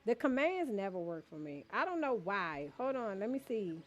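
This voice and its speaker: Her medium-pitched voice rises and falls a great deal at a moderate pace, and the recording has its highs cut off. She's streaming a cozy decorating game, greeting and thanking chat members by name, joking with them and laughing frequently.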